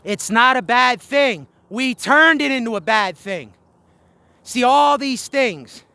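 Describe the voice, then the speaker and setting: A man's voice: high voice, pushed and bright, dry recording. A tired, short-of-breath man walking uphill outdoors, giving an impassioned spiritual monologue in a preacherly cadence with repeated phrases. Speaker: Christian video blogger.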